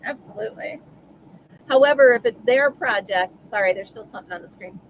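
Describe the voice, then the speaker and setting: A woman's voice: fairly high pitch, brisk, muffled recording, slight background noise. A woman hosting a casual live stream from home, chatting and answering viewers by name. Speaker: livestream host.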